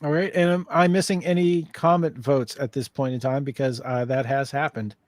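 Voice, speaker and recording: A man's voice: medium pitch, steady tone, moderate pace. A man hosting a comedy game show stream, loose and chatty with lots of fillers and restarts.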